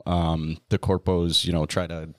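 A man's voice: deep voice, level tone, a little slow. A man co-hosting a casual podcast, chiming in with short agreements and adding his own takes. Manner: frequent short agreements, yeah and yep. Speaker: podcast co-host. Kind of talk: casual chat.

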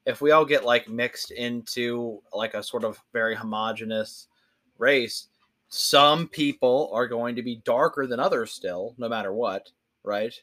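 A man's voice: medium pitch, a little slow, a bit bright. A young man hosting a podcast, ranting casually in a profane, rambling, emphatic way. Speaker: podcast host. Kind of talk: casual rant.

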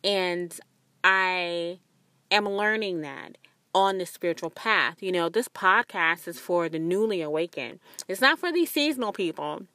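A woman's voice: lively intonation, unhurried, sharp tone, no echo. A young woman hosting a spiritual podcast, talking in an earnest, rambling, confiding way. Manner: acts out quoted voices with sudden high pitch jumps. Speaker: podcast host.

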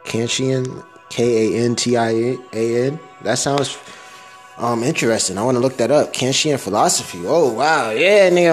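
A young man rambling through a casual, profane audio diary, laughing at his own jokes. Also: medium pitch.

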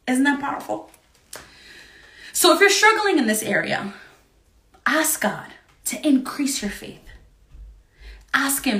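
Bright, earnest young woman preaching. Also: mid-range voice, reverberant. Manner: earnest, encouraging, laughs often. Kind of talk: devotional livestream talk.

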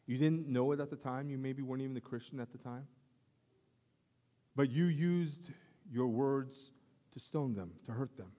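A male pastor preaching a sermon in a casual, storytelling way with self-deprecating asides and halting restarts. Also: medium pitch, warm tone. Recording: long hall reverb.

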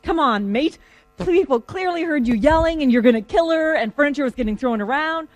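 Pushy cop, incredulous and insistent, pitched up, quoted by a lecturer. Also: expressive, brisk, no echo. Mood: demanding. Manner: demanding, incredulous. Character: exasperated police officer.

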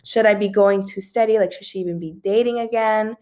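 Young woman rambling about celeb gossip, lots of likes and ums, mid pitch. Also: steady tone, fairly quick, darkish tone. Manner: rambling, filler-heavy, yawns now and then. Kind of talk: casual chat.

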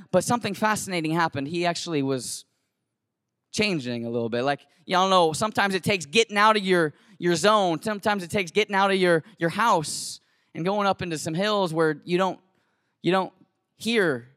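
A man who teaches, telling a story to an audience in an animated, slangy, conversational way with lots of restarts. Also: high-pitched, dry recording, clean studio sound. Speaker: teacher and camp cabin leader.

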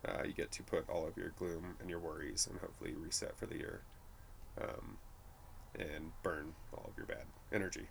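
A man's voice: deep voice, level tone, normal speed, creaky, a little hiss or hum. A man from New Mexico, a brewery guide, chatting casually and laughing easily between many fillers. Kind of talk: casual conversation.

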